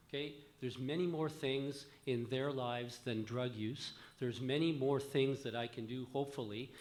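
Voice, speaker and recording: A man, a physician, making an emphatic comment from the floor at a conference, often dropping his voice at the ends of phrases. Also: mid-range voice. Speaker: physician asking a question from the floor. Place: conference hall.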